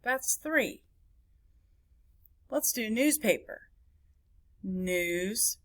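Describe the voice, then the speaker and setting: A woman's voice: a little high, expressive. A woman teaching a phonics lesson to a class, sounding out words syllable by syllable. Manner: slow, clapping out words syllable by syllable.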